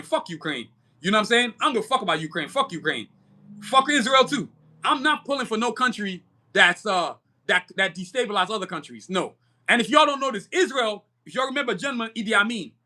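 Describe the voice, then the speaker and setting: A man's voice: high voice, pushed and bright. A man hosting a live-stream podcast, ranting fiercely and profanely in streetwise slang and often checking in with his listeners. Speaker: podcast host.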